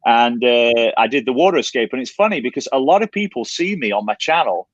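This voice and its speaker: A man in his forties from England with a Yorkshire-born English accent softened by a slight Canadian twang, telling stories as a guest in a casual livestream chat. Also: medium pitch, a little fast, no room sound, lo-fi sound. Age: 40s. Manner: chatty, animated storyteller with many restarts.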